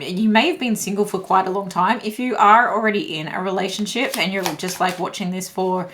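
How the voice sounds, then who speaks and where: A young woman talks through a tarot reading in a loose, chatty way, laughing easily and leaning on fillers as she thinks aloud. Her pitch sits in a middling range for a woman. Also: a little fast, hardly any pauses, a bit bright. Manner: chatty, giggly, lots of fillers. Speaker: tarot reader.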